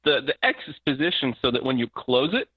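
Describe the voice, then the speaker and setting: A man co-hosting a podcast grumbles wryly and acts out little exchanges. His voice sits in a middle pitch. It comes through a tinny, phone-like call line with no room sound. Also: big pitch swings, fast talker, breathy edge, no echo. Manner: wry, complaining, acts out dialogue. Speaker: podcast co-host. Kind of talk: casual live podcast chat. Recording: tinny internet call audio.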